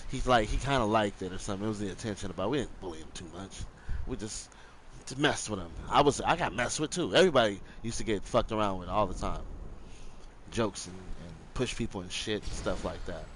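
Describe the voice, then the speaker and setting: Young guy rambling thru a story, swears a lot, does loud voices for people, medium pitch, little bit of hiss behind. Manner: rambling, profane, acts out quotes in raised voices. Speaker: streamer telling a story. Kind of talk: casual storytelling.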